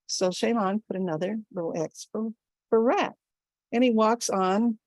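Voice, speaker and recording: An older woman telling a folktale at a storytelling event, with an animated, expressive delivery. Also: medium pitch, normal speed, no echo.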